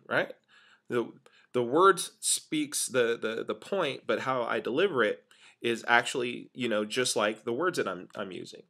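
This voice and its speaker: Gravelly-voiced man teaching casually. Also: mid-range voice, measured pace. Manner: casual and animated, acts out stressed words to demonstrate tone. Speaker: sales communication trainer. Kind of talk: informal training talk.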